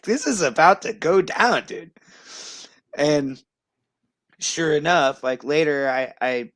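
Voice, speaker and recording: A man in his thirties, a guest telling his story in casual chat, animated with lots of fillers. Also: mid-range voice, dry recording. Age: 30s.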